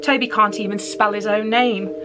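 A woman's voice: medium pitch, fairly even intonation, normal speed, over music, lightly acted. A woman voicing a spiteful older sister who sneers and taunts her little brother in a storybook reading. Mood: taunting. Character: spiteful older sister, young girl, mocking.

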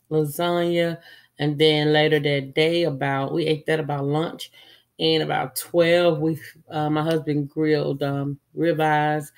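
Her voice sits low and a little mellow as this middle-aged vlogger, congested with a cold, chats through her holiday gift haul. She rambles casually and says "um" a lot.

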